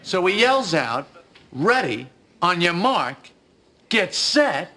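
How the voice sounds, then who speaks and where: A man's voice: high voice, big pitch swings, slow, bright, forceful tone, heavily acted. A wry man telling an old tale. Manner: wry storytelling. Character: adult man recounting his high school race. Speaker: sitcom character. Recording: TV clip with background noise.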